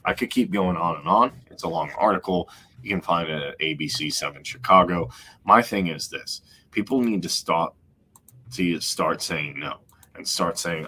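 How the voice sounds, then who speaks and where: Male podcast host, very low voice, blunt emphatic commentary. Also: normal speed, pushed and bright, breathy edge. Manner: emphatic, repeats points, mocking asides.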